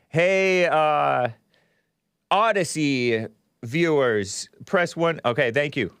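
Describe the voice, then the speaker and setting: A man hosting a live-streamed call-in talk show, animated and jokey, chuckling as he reads chats. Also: fairly high pitch, slow pace, clean tone, no echo, clean studio sound. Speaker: show host.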